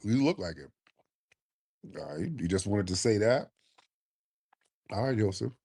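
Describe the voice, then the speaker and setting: A man's voice: on the low side, lively intonation, measured pace, vocal fry, dark tone, slightly rough. A man hosting a call-in show, teasing and mocking his callers in casual banter. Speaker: show host taking callers.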